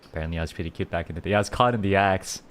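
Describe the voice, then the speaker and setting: A man's voice: sits low, racing, a bit bright. A man streaming and chatting casually, giggling often and thanking donors with playful rawrs. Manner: rambling with many restarts. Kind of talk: casual livestream chat.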